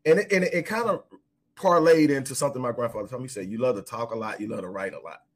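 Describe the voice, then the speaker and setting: A man's voice: mid-range voice, racing. A man speaking earnestly in conversation, giving heartfelt advice and repeating words as he starts sentences.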